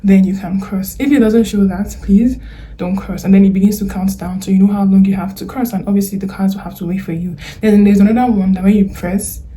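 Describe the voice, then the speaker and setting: A woman's voice: medium pitch, fairly even intonation, brisk, dark tone. A young Nigerian woman with a Nigerian accent, giving chatty, earnest advice in a casual vlog, full of fillers and slang. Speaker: vlogger.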